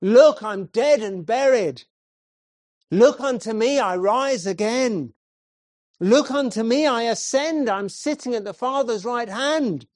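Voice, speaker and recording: A man's voice: high-pitched, expressive, takes it slowly, long pauses, dry recording, studio quality, pitched above the performer's own voice. A man voicing a poor, plain-spoken lay preacher who fervently repeats his simple appeal. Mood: fervent pleading. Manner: pleading, insistent repetition.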